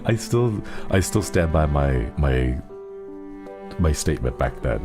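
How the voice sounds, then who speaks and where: Male streamer, very low voice, unhurried, tender and giggly, music under him. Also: animated. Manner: tender, giggly, easily moved. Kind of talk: casual live-stream chat. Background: soft background music.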